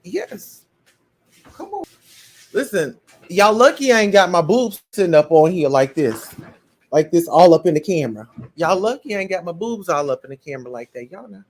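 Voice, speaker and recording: A man hosting a casual live stream, reading the chat and talking straight to his viewers in a loud, sassy way, eating and sipping as he goes. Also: on the high side, expressive, a little fast. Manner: eats and sips while talking. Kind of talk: casual livestream commentary.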